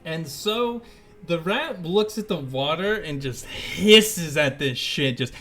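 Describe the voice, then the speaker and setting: A man's voice: fairly high pitch, expressive, takes it slowly, a bit bright, faint music behind. Man running a tabletop game. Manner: casual, descriptive narration. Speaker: game master.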